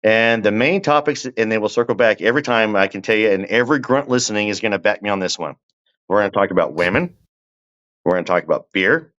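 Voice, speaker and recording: Low-voiced man telling a story. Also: a bit bright, dull audio. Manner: drawn-out, conversational storytelling with asides to the listener. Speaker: guest telling his story. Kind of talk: casual storytelling.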